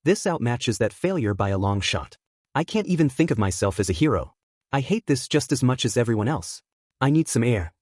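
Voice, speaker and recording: A man's voice: medium pitch, sing-song, a little fast, a little mellow, no room sound, clean studio sound. A man voicing an earnest teenage boy hero who blames himself, in a raised, emotional delivery. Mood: upset.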